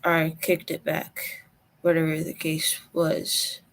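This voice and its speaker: A woman from Colorado, telling a personal story in a halting way, close to tears. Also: deep voice, monotone, creaky, a bit bright. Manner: slow, halting, emotional recollection.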